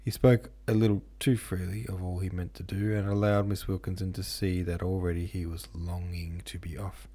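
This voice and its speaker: A man narrating a classic novel in a measured, steady reading. His voice sits low, with a husky edge and a dark, mellow tone. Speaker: podcast host and audiobook reader.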